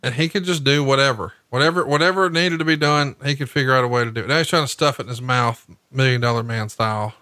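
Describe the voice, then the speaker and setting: A man with a bright, forceful voice tells stories in casual podcast chat, heavy with swearing and mocking put-on voices. His sound is dry and close. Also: mid-range voice, fast, hardly any pauses, no echo. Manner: profane, animated storytelling with mocking impressions.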